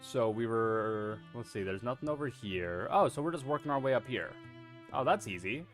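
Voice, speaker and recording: A man's voice: medium pitch, lively intonation, normal speed, soft background music. A man streaming a video game, chatting casually in a rambling, self-deprecating way and swearing freely. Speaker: VTuber streamer.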